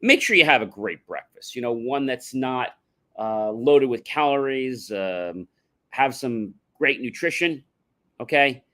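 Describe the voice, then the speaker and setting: A man's voice: mid-range voice, animated, a little slow, fairly bright tone. A man giving a motivational livestream talk, addressing the audience directly and emphatically, sometimes chanting catchphrases. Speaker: motivational speaker.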